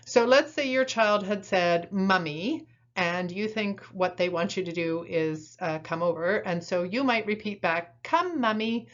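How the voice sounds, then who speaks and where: A woman calmly explaining parenting strategies in an instructional talk, pausing often with ums and uhs. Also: fairly low pitch. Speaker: instructor in a parent training video. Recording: dull, muffled recording.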